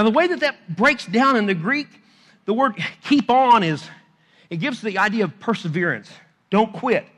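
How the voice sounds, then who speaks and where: A man preaching a sermon, moving between hushed, low passages and loud, urgent exhortation, and acting out scripture in everyday paraphrase. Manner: acts out scripture quotes in conversational paraphrase.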